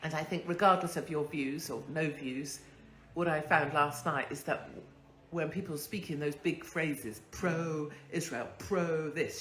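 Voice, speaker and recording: A woman's voice: low-pitched, unhurried, a bit bright, roomy sound. A woman hosting a casual monologue, ranting bluntly and swearing freely into a phone. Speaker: host.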